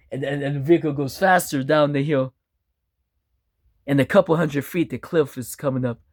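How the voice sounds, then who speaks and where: A man's voice: fairly high pitch, dry recording, clean studio sound. A man telling an improvised spooky, funny story with many restarts and asides. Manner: unhurried, animated, with restarts.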